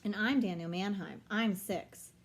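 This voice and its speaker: A woman's voice: a little slow, close to an everyday voice. Woman putting on a whiny six-year-old boy. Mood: pushy. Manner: whining, high and pleading.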